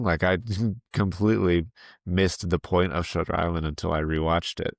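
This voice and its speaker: A man co-hosting a film podcast in casual chat, halting and restarting mid-sentence, laughing at himself. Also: low voice, flat delivery, gravelly, no echo, studio quality. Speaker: podcast co-host.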